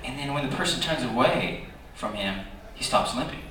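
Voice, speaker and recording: Animated man telling a story in an echoey hall. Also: normal speed, noisy background. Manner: animated, chatty, with many fillers and lively jumps in pitch. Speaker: convention panel guest. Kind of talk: storytelling anecdote to an audience. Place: large convention hall. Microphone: recorded from the audience, far from the speaker. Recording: echoey hall, distant audience recording.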